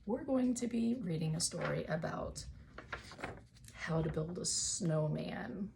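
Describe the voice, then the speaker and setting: Slow, gravelly-voiced woman teacher. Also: lowish voice, lively intonation, noisy background. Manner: slow, patient, encouraging teacher talk. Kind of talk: remote phonics lesson for young children.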